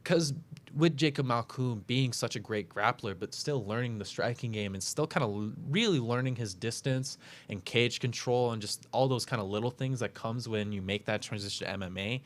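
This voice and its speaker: A man hosting a casual talk show, breaking down upcoming fights with lots of fillers and self-corrections. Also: on the low side. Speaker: podcast host making fight picks.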